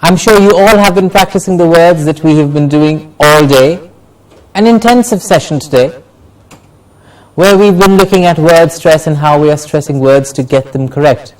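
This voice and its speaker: A man teaching English word stress, slowly repeating each example word for the class to say along. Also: fairly high pitch, recorded from a distance, rough recording. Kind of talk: classroom lesson with drills.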